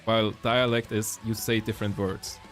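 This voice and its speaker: A man's voice: fairly low pitch, level tone, normal speed, a bit bright, faint music behind. A young man from Germany with a German accent, chatting casually with stream viewers and rambling with many self-corrections. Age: young adult.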